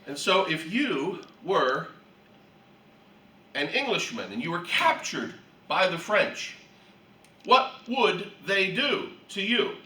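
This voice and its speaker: Animated man teaching, echoey and distant. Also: sits high, slow pace, long pauses. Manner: lively storytelling with clearing of the throat. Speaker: Bible teacher. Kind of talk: animated Bible class teaching. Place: room for a church class. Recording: echoey room, distant mic.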